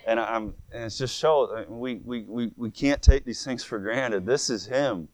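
A man's voice: medium pitch, moderate pace. A man preaching a sermon in an earnest, fervent way, repeating words as he builds each point.

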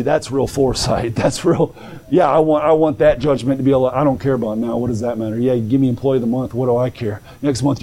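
Fervent high-voiced male preacher. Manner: fervent, builds to shouting; stammering restarts. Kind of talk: sermon.

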